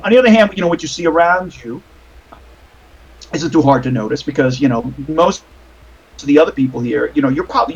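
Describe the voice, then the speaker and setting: A man's voice: on the high side, a little mellow, breathy edge, lo-fi sound. A man narrating as game master of a tabletop game over a voice call, rambling with many fillers and restarts.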